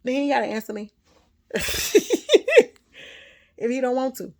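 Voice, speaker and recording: A woman telling a personal story in a casual monologue, loud and animated, laughing often. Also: a little high, moderate pace. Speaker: spiritual vlogger.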